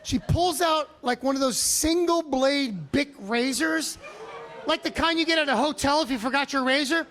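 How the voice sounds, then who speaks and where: High-voiced profane stand-up comic. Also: male voice, normal speed. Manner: animated, profane, self-mocking. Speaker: stand-up comedian. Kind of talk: stand-up comedy storytelling. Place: live comedy club stage.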